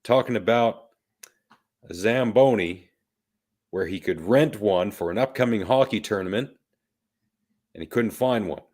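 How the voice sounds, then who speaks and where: A man's voice: fairly low pitch, measured pace, long pauses, darkish tone. A man co-hosting a podcast, chatting in an easygoing, rambling way and telling stories. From Canada. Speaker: podcast co-host. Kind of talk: casual podcast chat.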